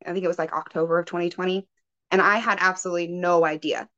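A woman's voice: fairly low pitch, little pitch movement, fast talker, a bit bright. A woman guest on a podcast, a spiritual healer, telling her own story in a chatty way with many "like"s and "um"s. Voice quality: chatty, lots of "like" and "um". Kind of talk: casual personal storytelling. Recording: muffled lo-fi podcast audio.

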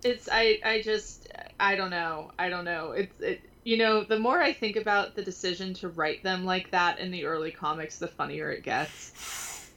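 A woman's voice: fairly low pitch, moderate pace, a bit bright. A young woman co-hosting a casual podcast, rambling with many restarts, laughing often and swearing freely. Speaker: podcast co-host.

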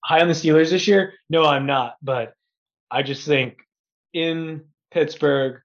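A man who is a podcast guest, talking sports in a relaxed, joking way. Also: on the high side, measured pace, highs cut off. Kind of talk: casual sports chat.

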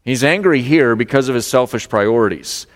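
A male pastor preaching a sermon, expressive, acting out the lines of the story. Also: medium pitch, moderate pace, big-room sound. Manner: expressive preaching, acts out voices of God and Jonah.

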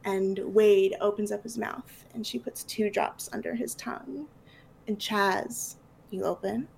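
A woman narrating as game master of a tabletop role-play, relaxed with fillers. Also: medium pitch, unhurried, gravelly, a little hiss or hum.

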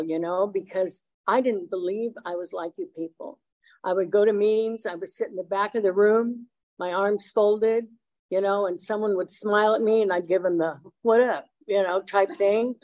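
A woman's voice: medium pitch, a little mellow, lo-fi sound. A middle-aged woman from Los Angeles sharing her recovery story at a meeting, blunt and streetwise, with lots of fillers. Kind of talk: personal recovery share.

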